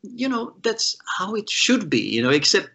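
A man from the Czech Republic, a guest guitarist, telling animated stories in an interview and acting out the voices of the people he quotes, with many restarts. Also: high voice, normal speed, gravelly, husky. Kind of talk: storytelling in an interview.

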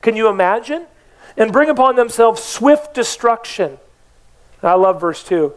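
A man's voice: high-pitched, moderate pace. A man preaching a sermon as pastor of a church, emphatic, with rhetorical questions to the congregation.

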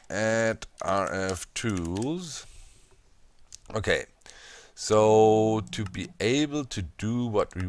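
Animated German man, low voice. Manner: animated, playfully scheming, talks to viewers. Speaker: Minecraft let's play host. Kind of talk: gaming commentary.

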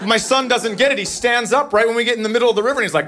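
A man in his thirties doing a stand-up comedy set on a club stage, deadpan and exasperated, jumping into shrill voices for his family. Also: racing, hardly any pauses. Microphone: handheld stage mic. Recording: live club recording with loud audience. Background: crowd laughter and room noise.

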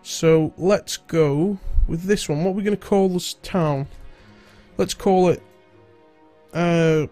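A man's voice: high-pitched, takes it slowly, warm tone, soft background music. A young man with a stuffy nose from a cold, chatting casually as host of a game let's-play. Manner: chatty, rambling, British-sounding slang. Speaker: gaming video host.

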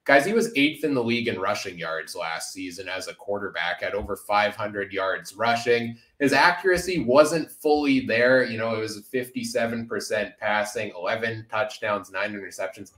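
A man's voice: fairly low pitch, moderate pace, hardly any pauses, a bit bright. Upbeat man hosting a podcast, roomy sound. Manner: upbeat, many filler uhs. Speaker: podcast host. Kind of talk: casual sports podcast talk.

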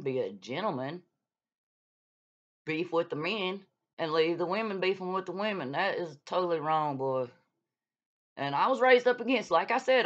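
Calling out a fellow creator, the vlogger launches into a casual but heated tirade that is profane, blunt and reproachful. She speaks in a fairly low register with a fairly bright tone, captured on dull, lo-fi audio.

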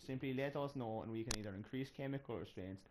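Brief: Irish male gamer, mid pitch, halting read-aloud, light background hiss. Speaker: gamer reading an in-game note aloud. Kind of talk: casual game commentary.

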